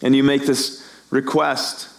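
Animated man preaching a sermon. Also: medium pitch, slow, gravelly. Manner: animated, acts out voices of the people and the prophet. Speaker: pastor.

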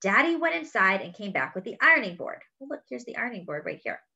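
Bright, expressive woman reading to children. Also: medium pitch, quick pace, vocal fry, highs cut off. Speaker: children's story reader. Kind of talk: read-aloud storytelling.

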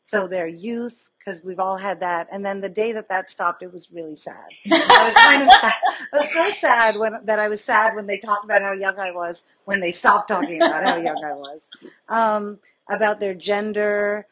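A middle-aged woman physician giving a conversational medical lecture, chatty and self-mocking, telling anecdotes with quick wit. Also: medium pitch, noisy background.

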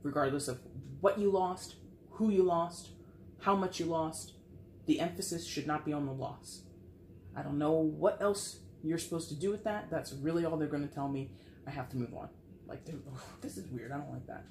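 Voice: mid-range voice, moderate pace, darkish tone, a little hiss or hum. A tarot reader giving a casual, frank reading to camera, sighing often and swearing now and then. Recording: echoey room with faint ambience.

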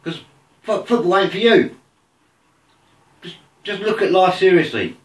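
A man's voice: high voice, lively intonation, measured pace, roomy sound, recorded from a distance. A man ranting angrily about his football team, swearing constantly. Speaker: football fan. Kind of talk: angry rant to camera.

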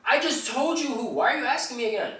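A man's voice: extremely high pitch, expressive, quick pace, sharp tone. A young man insisting on his side and repeating himself in a casual argument with his girlfriend. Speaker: vlogger pulling a prank on his girlfriend. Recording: echoey room, voice from a distance.

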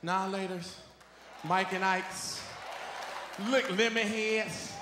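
A man doing stand-up comedy, loud and animated, breaking into song and freestyle rhymes. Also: high-pitched, takes it slowly, noisy background. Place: large comedy venue stage. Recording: echoey live hall with music and crowd. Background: audience laughter and music.

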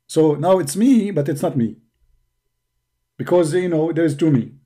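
Man, middle-aged, sarcastic taunting monologue, slightly high voice, warm tone. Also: unhurried, slightly rough. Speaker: online debater. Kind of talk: mocking stream monologue.

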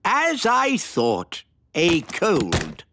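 A woman's voice: lowish voice, huge pitch swings, extremely slow, noisy background, full character voice. A performer voicing a fussy, self-important old male elf who works as a wand doctor in a children's cartoon.

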